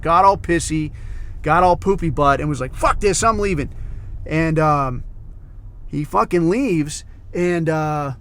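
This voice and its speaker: A man's voice: sits high, fairly bright tone. A man hosting a podcast, talking through a film review in a loose, rambling way, heavy on swearing and "like" and "dude.". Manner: rambling, heavily profane storytelling; loose, filler-heavy, says "like" and "dude" a lot. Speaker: podcast host. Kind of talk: casual monologue film review.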